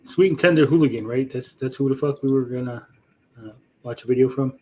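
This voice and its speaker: A man's voice: mid-range voice, brisk, warm tone, a little hiss or hum. A man hosting a livestream, chatting casually while reacting to videos, blunt and sarcastic with lots of swearing. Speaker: streamer host.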